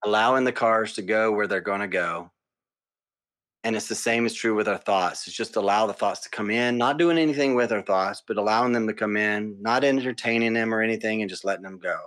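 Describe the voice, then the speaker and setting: A man speaking as a podcast guest, calm and meditative, talking through vivid everyday examples. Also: on the low side, brisk. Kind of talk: casual conversation.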